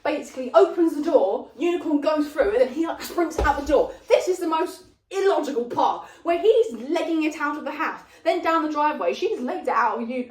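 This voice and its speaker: A young woman, casually retelling a film's plot in a rambling, animated way, full of fillers. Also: high-pitched, distant mic. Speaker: vlogger retelling a film plot. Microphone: phone propped up at a distance. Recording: roomy, voice off the phone mic.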